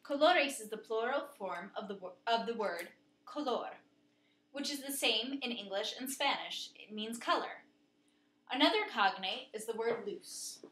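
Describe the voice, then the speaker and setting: A woman narrating a scripted lesson in a clear, steady way, slowing down to spell out and pronounce words. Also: on the high side, roomy sound, a little hiss or hum. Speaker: teacher.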